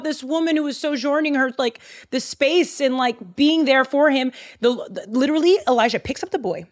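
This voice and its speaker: A woman's voice: high-pitched, lively intonation, moderate pace, hardly any pauses. A woman hosting a podcast, retelling Bible stories in a casual, slangy, chatty way. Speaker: podcast host.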